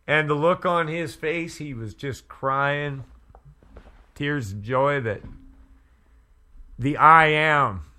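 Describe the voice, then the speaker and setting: Casting: male pastor, earnest testimony, unhurried delivery, slightly high voice. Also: bright, forceful tone. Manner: slow, earnest, emphatic storytelling. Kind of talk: storytelling testimony.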